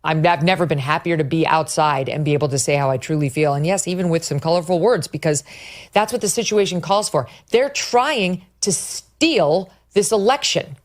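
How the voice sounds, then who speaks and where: A woman's voice: low voice, moderate pace. Angry woman ranting with profanity. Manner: indignant, profane, sarcastic. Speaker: podcast host. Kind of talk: angry commentary rant.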